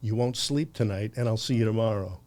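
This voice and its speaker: A man's voice: on the low side, a little fast, a little mellow, lightly acted. Man doing a sly, cheeky camera salesman.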